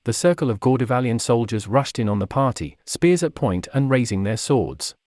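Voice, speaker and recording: A man narrates a fantasy tale in a steady, measured reading voice. His pitch sits in the middle, and the recording is dry and close. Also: no echo. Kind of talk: storybook narration.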